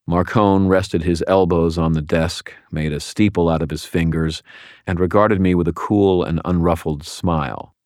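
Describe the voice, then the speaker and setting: A man narrates a first-person audiobook with wry, dry timing. His voice is very low. The booth recording is dry and close. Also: fairly even intonation, moderate pace, a little mellow, clear, resonant tone, no room sound.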